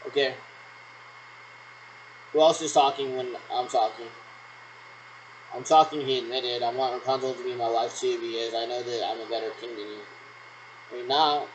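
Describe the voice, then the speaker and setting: A man's voice: mid-range voice, steady tone, moderate pace, pauses often, slight background noise, poor audio. A man rambling through pretend radio checks on his own, ending turns with "over". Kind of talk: solo role-played radio checks.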